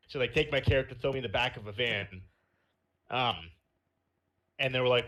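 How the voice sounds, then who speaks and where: Young male podcast host; bright, forward voice, loose chatty storytelling. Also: mid-range voice, a little fast, long pauses. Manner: rambling storytelling with fillers and laughs. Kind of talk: casual chat.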